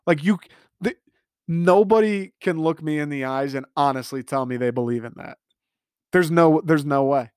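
Man, sports podcast host, emphatic rant, slightly high voice, dry close sound. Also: normal speed, clear, resonant tone, no room sound. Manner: animated, emphatic, swears freely.

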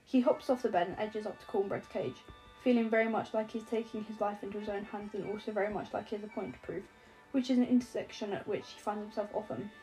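A woman's voice: medium pitch, fairly even intonation, fast talker, warm tone, soft background music, low-quality recording. A woman narrating an audiobook with a wry, lightly comic delivery. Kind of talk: scripted narration.

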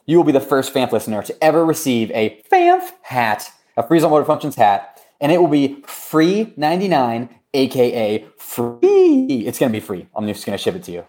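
A man co-hosting a casual podcast, joking around while he reads reviews and runs through shout-outs and giveaways. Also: medium pitch, huge pitch swings, fairly quick, hardly any pauses, faint music behind. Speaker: podcast co-host. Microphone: remote recording.

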